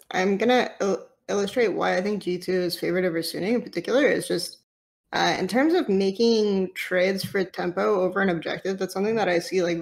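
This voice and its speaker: A woman analyst in a casual panel discussion, talking through game strategy quickly with frequent restarts. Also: lowish voice, vocal fry, darkish tone. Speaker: esports analyst.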